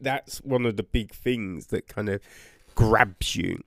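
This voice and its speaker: A man casually reviewing a book, animated, with frequent swearing, exclamations and restarts. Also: on the low side, slow pace, creaky, dry recording, clean studio sound.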